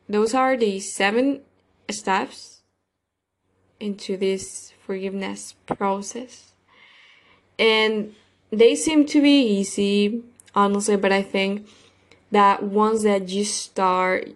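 A woman hosting her own podcast, talking casually and rambling, with many fillers and loose grammar. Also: mid-range voice. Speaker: podcast host. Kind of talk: casual solo podcast monologue.

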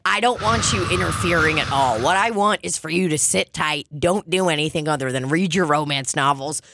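A woman's voice: deep voice, fairly quick, a bit bright. A woman co-hosting a podcast in casual chat, teasing, laughing often and swearing freely. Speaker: podcast co-host.

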